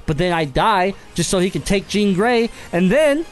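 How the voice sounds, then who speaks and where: Animated teasing man, high voice. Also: normal speed. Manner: animated teasing, bursts into high squeaky impressions. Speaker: podcast co-host. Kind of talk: casual group chat.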